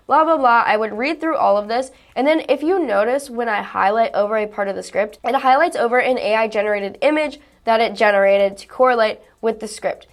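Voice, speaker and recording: Chatty youtuber girl showing off an app, kinda high voice, bubbly and rambly. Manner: chatty and bubbly, wanders off on tangents. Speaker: YouTuber demoing software. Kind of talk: casual tutorial chat.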